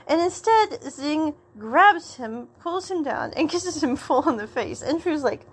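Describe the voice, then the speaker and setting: A woman's voice: high voice, lively intonation, a little slow. Chatty woman recapping a drama. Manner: rambling, laughs while retelling scenes. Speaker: podcast host. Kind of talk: casual recap chat.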